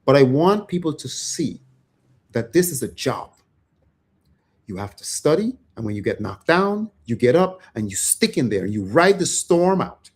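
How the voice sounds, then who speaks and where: A middle-aged man hosting a casual livestream, talking in an animated way and getting worked up, then quieting down. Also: medium pitch, normal speed, husky. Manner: animated, gets worked up, jumps between loud and soft. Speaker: livestream host.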